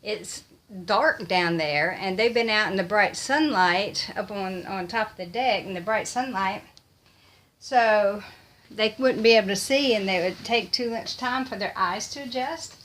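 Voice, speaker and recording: Older woman, unhurried casual chat to camera, rambling. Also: medium pitch, a bit bright. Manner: rambling, chatty, many fillers. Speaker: vlogger.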